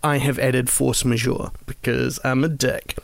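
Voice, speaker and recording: A man's voice: mid-range voice, level tone, a little slow, gravelly, dry recording. A man co-hosting a casual film-ranking chat, rambling and wry with self-deprecating asides. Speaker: podcast co-host.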